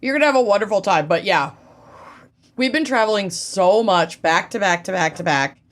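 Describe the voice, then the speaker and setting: A woman's voice: medium pitch, animated, moderate pace. Wry, blunt woman podcast co-host. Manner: wry, blunt, swears casually. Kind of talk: casual chat.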